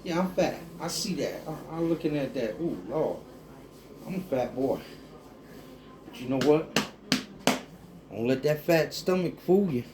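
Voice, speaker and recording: A man, talking casually and warmly to viewers in a rambling cooking vlog from his home kitchen. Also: fairly high pitch, lively intonation, measured pace, pauses often, background noise. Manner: heartfelt, rambling, addresses viewers as folks. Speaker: cooking vlogger.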